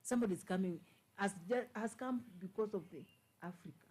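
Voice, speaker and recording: A Kenyan woman talks through current events in a relaxed, scolding way. Her voice is husky and a little breathy. She drives her points home by saying them again and again. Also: mid-range voice, a little fast, rough recording. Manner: scolding, emphatic, repeats phrases. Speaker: commentator. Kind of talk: casual political chat.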